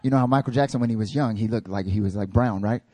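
A man preaching a casual, joking sermon in an animated, slangy way. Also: fairly low pitch, fast talker, some chatter behind.

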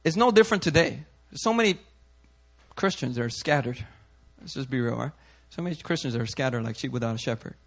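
A male pastor giving a sermon in an animated, conversational way, full of slang and asides to the congregation. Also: medium pitch, fast, gravelly.

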